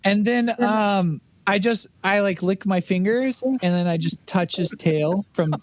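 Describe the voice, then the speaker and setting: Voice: medium pitch, unhurried, no echo. A tabletop game player talking casually, eager and interrupting, on a dull, dry lo-fi mic.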